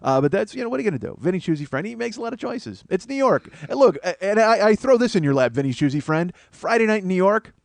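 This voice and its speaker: A middle-aged man hosting a solo comedy podcast, rambling and profane, breaking into loud mock voices. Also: high voice, very animated, quick pace, vocal fry, hardly any pauses, no room sound. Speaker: comedian host.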